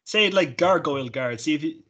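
A man's voice: fairly high pitch, animated, fairly bright tone, slightly rough, muffled recording. A young man hosting a podcast, chatting casually with lots of swearing and laughter. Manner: sweary, ranting, quick to laugh. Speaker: podcast host. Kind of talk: casual chat.

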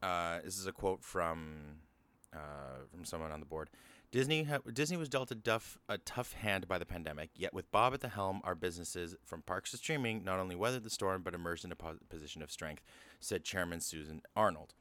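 Low, smooth-voiced man ranting casually. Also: a little fast, bright, forceful tone, no echo. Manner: casual and ranting, with frequent fillers and swearing. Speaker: podcast host. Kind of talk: casual news commentary.

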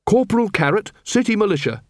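A man's voice: high-pitched, very animated, fast talker, dry recording, studio quality, pitched above the performer's own voice. A man voicing an earnest, polite young watch corporal who speaks formally and by the book, in an audiobook reading.

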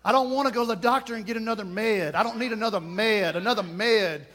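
High-voiced, forceful male preacher. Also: quick pace, a little hiss or hum. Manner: emphatic, repetitive preaching with humor. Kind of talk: sermon.

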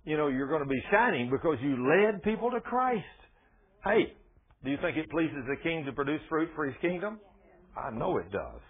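A man preaching a folksy, animated sermon on the radio, swinging from soft, low passages to excited outbursts. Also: normal speed, husky. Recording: tinny phone-like radio sound.

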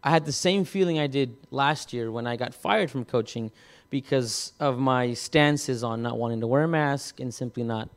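A man preaching, telling a personal story in a halting way, with many repeated words and restarts. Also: mid-range voice. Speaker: pastor. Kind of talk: sermon testimony.

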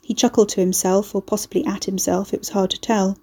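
A woman narrates fiction in measured, steady storytelling. Her voice is mellow and warm, at a middle pitch. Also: breathy edge. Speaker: audiobook narrator. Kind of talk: scripted narration.

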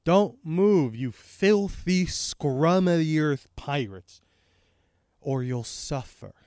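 A man's voice: mid-range voice, expressive, takes it slowly, mellow, no room sound, studio quality. A man voicing an old male navy vice admiral, stern and blunt, while reading a comic aloud.

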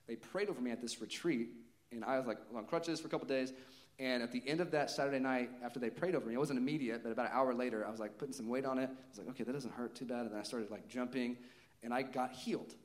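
A young man preaching a sermon, telling a personal story in a lively way with frequent laughs and casual fillers. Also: medium pitch. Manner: animated storytelling, laughs often, many "like" fillers.

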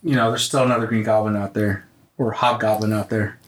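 A man co-hosting a podcast, chatting casually and excitedly about superhero movies, often cutting in on his partner. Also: fairly low pitch, brisk. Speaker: podcast co-host. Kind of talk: casual chat. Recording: roomy echo.

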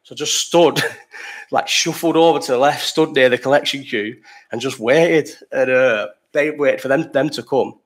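A young man hosting a live chat, rambling through a festival story, swearing freely and breaking off to answer the chat. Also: mid-range voice. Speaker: livestream host.

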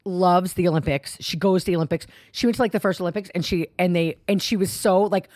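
A young woman with a low, deep-set voice chats loosely on a podcast, tumbling through stories with frequent laughs and false starts. The sound is close and dry, with no room around it. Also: fast talker, a little mellow, no echo. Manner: rambling, laughs often, restarts mid-sentence. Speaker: podcast co-host. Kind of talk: casual chat.

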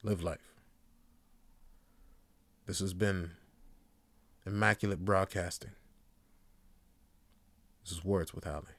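A man hosting his own podcast in a casual, rambling monologue, cursing and joking and often breaking into loud hyped bursts. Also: deep voice, steady tone, slow, pauses often, dry recording. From Canada. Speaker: podcast host.

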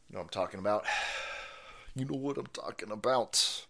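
Man, middle-aged, livestream host, foul-mouthed rambling rant, bright sharp tone, gravelly edge. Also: fairly low pitch. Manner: loud, foul-mouthed, rambling, quick to laugh. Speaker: stream host. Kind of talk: profane ranting livestream monologue.

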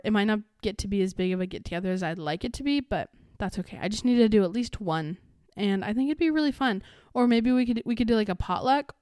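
Young adult woman, podcast host, casual rambling chat, lots of fillers, smooth clear voice, dry close sound. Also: medium pitch, a little mellow, dry recording. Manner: rambling, chatty, many fillers and restarts.

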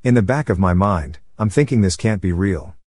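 A man reads a first-person story aloud in a steady, scripted style. His voice sits low, and the recording is dry and close to the mic. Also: normal speed, dry recording. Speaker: story narrator.

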